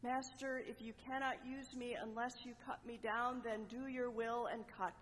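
A woman voicing a gentle, devoted male bamboo plant in a parable who pleads in a trembling way. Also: fairly high pitch, steady tone, moderate pace, long reverb tail, a little hiss or hum, lightly acted. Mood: pleading devotion. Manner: pleading, trembling, then resolved.

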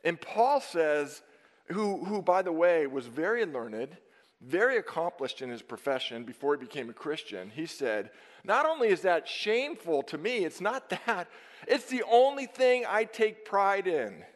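A high-voiced man preaching with real fire, punching key words and then dropping to a near hush. His sermon rings out through a church sanctuary with a long, lingering reverb. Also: big pitch swings, measured pace. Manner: emphatic, dynamic preaching with sudden drops to near-whisper. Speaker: pastor.

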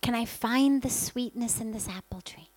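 A woman's voice: fairly high pitch, moderate pace, no room sound, low-quality recording. A woman spiritual teacher giving an earnest talk, telling stories and stacking up lists. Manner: earnest, gentle storytelling with many lists.

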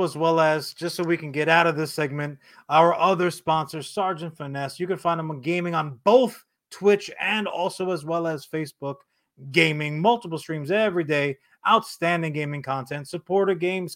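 Male co-host, casual and slangy, fairly high voice. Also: moderate pace, a bit bright. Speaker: podcast co-host. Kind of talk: casual podcast chat with sponsor reads.

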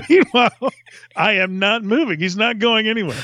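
A male podcast host telling an animated story, laughing often and swearing freely. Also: sits high, unhurried.

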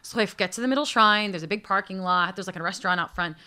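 A young woman tells a story on a podcast with a bright, clear tone. She delivers it in an animated way, dropping to a hush and then bursting loud as she acts out the people in her story. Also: medium pitch, fast talker. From United States. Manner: lively, acts out the people in her story with big shifts in loudness. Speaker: podcast co-host.

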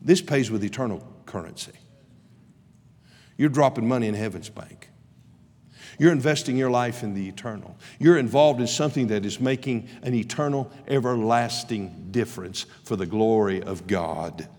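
A man's voice: mid-range voice, animated, moderate pace, a little mellow. A man preaching a sermon in an impassioned, emphatic way, recorded in a large chapel. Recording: reverberant hall.

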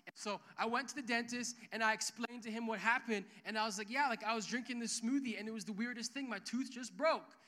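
A young man preaching as a pastor, telling a lively story with quoted dialogue in a church service. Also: very high-pitched, fast talker. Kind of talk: sermon. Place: church hall with worship music. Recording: reverberant church hall.

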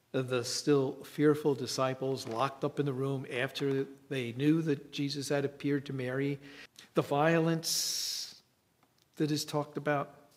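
A man preaching a sermon in a reflective way, with long dramatic pauses. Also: mid-range voice.

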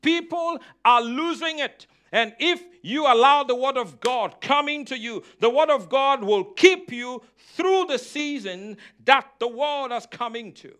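A man's voice: very high voice, lively intonation, a little slow, hardly any pauses, sharp tone, smooth. A man preaching a sermon as pastor, asking the congregation questions and repeating key phrases.

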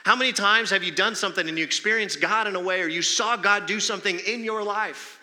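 A man's voice: high voice, quick pace, pushed and bright. A male pastor preaching a sermon in a conversational way, pressing the congregation with rhetorical questions. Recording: long hall reverb.

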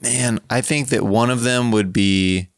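A man's voice: mid-range voice, fairly even intonation, a little slow, dry recording, clean studio sound. A man chatting casually as a podcast co-host, easygoing and rambling. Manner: easygoing, rambling, many likes and restarts. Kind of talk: casual chat.

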